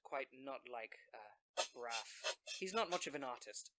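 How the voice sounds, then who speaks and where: A man playing a tabletop game who chats in an animated way and often stumbles over his words. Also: medium pitch, unhurried. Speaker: player. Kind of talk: casual chat.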